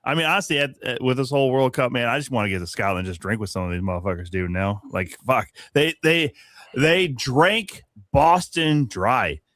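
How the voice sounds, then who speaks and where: A man's voice: medium pitch, normal speed, a bit bright, no room sound. Man, podcast co-host, rants and swears freely, laughs a lot, dry mic. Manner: profane, ranting, laughs often. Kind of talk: casual sports chat.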